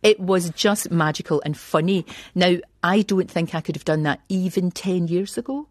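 Chatty Scottish woman, husky voice. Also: lowish voice, moderate pace, dry recording, studio quality. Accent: Scottish, Glasgow. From Scotland. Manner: animated, chatty, self-deprecating. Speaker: guest, TV presenter. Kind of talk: radio interview chat.

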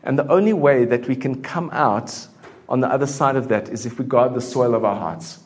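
A man preaching a sermon in a church in a relaxed, conversational way, full of fillers. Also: mid-range voice, normal speed. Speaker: pastor.

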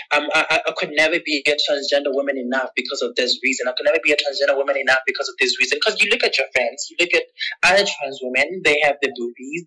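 A woman's voice: breathy edge, poor audio. A woman being interviewed, candidly telling a personal story with emotion and acting out past conversations in her own voice. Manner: emotional, acts out past conversations with lively pitch jumps; checks in with the listener often. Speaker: interview guest.

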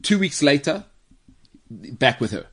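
A South African man hosting a casual football podcast, animated and joking as he tells stories. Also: medium pitch, slow, breathy edge. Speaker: podcast host.

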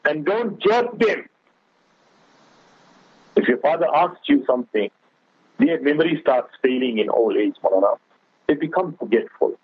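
Man, husky voice, earnest religious exhortation, heard through a tinny phone line. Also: mid-range voice, dry recording. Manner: earnest, exhorting, addresses the other speaker as Maulana; tells a moral story with quoted dialogue. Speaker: Islamic speaker on a radio talk show. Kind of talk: religious radio talk.

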